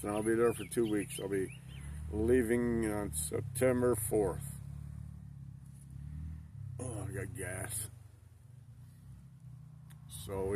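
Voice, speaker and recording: A middle-aged man from Newfoundland with an Ontario Canadian accent, chatting in a relaxed, rambling way with many hesitations at his campsite. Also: fairly low pitch. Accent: Ontario Canadian, faint Newfoundland. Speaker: camping vlogger. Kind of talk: casual chat. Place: outdoor campsite in the woods. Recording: distant outdoor mic with faint noise.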